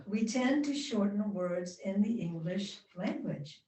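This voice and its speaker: A woman giving a spiritual talk to a congregation, guiding them gently and chatting with the audience. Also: on the low side, expressive, unhurried, hardly any pauses, distant mic. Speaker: guest speaker. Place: church hall. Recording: roomy hall sound from off-mic.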